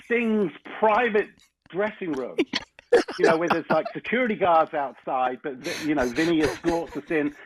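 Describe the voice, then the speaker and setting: A man guest on a chat show, telling a long rambling anecdote in a casual, animated way. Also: a little high, normal speed. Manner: rambling storyteller, animated when recounting. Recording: slightly muffled lo-fi audio with faint noise.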